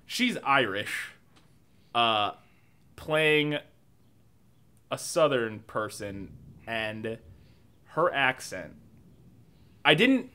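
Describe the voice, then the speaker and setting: A young man co-hosting a casual movie review podcast, animated and swearing, often laughing as he talks. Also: mid-range voice, drawn-out words, pauses often, clean tone. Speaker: podcast co-host.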